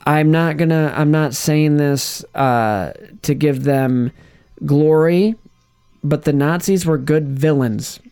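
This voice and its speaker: A man's voice: fairly high pitch, slow, mellow, clean tone. A man hosting a casual chat, rambling and restarting his sentences, laughing often. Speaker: podcast host. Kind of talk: casual chat, ranking movie villains.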